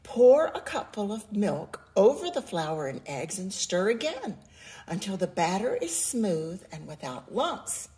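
Brief: woman playing a patient storybook mom, calm, slow and measured, melodic. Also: mid-range voice. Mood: instructive. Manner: calm, instructive. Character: patient mother giving instructions.

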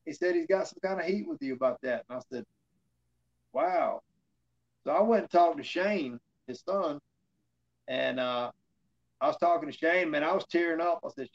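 A man's voice: a little high, animated, moderate pace, vocal fry, pauses often, dull audio. A man, a former wrestler telling long rambling stories in an interview, acting out what people said to him. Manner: rambling anecdotes with fillers, acting out quoted dialogue. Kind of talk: casual storytelling in an interview.

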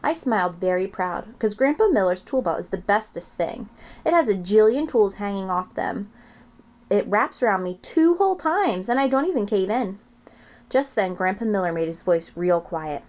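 A woman reading a children's chapter book aloud in an expressive storytelling way. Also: mid-range voice, moderate pace.

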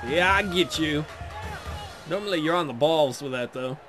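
A man playing a football video game and joking crudely and excitably as he comments on the action. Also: on the high side, moderate pace, faint music behind. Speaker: Let's Play gamer. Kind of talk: casual gameplay commentary.

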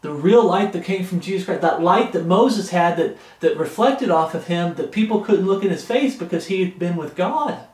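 A man preaching in an earnest, pleading manner, his voice sitting noticeably high for a man. The recording carries the echo of a roomy space around him. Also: normal speed, few pauses, a little mellow. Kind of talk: sermon.

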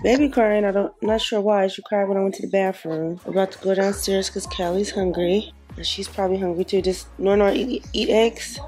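A woman's voice: medium pitch, fairly even intonation, brisk, hardly any pauses, poor audio. Young woman vlogging, aave, sassy and bossy with the kids, music going in the back. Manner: sassy, scolding the kids, then hushed at night. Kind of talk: casual vlog narration.

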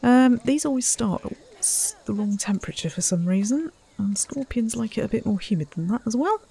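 A woman's voice: fairly high pitch, animated, fairly quick, creaky, warm tone, slightly rough. Chatty woman playing a zoo game. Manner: chatty, self-mocking, talks to the animals and visitors. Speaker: let's play host. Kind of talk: casual gameplay commentary.

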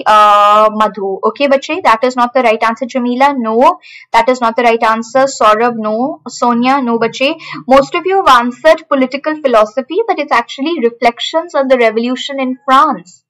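A woman teaching a live online class for exam preparation. Her voice sits a little higher than most. She drills each answer by repeating it and reads out students' names one after another. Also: fairly bright tone, poor audio. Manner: repeats key points, calls out students' names.

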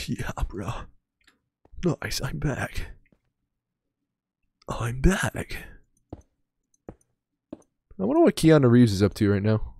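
A man's voice: medium pitch, big pitch swings, takes it slowly, creaky, pauses often, darkish tone. A young man streaming a game in casual commentary, joking and rambling with self-mocking asides.

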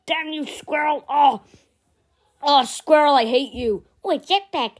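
A woman's voice: sits high, unhurried. A woman doing a comedic skit voice-over in a playful, mock-stern, exclaiming manner. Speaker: channel creator.

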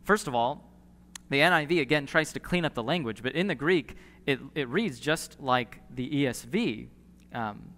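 Bright-voiced pastor preaching in a reverberant hall. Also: male voice, mid-range voice, expressive. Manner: earnest preaching with emphatic pauses and repeated phrases. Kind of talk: sermon. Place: church sanctuary. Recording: long church hall reverb.

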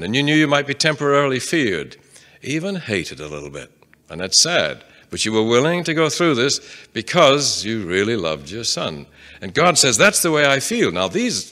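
A man leads a Bible class before a live audience. His voice is bright and his pitch moves a lot, rising and falling as he reads scripture aloud and puts questions to the room in a relaxed, conversational way. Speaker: Bible teacher. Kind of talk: interactive Bible class lecture.

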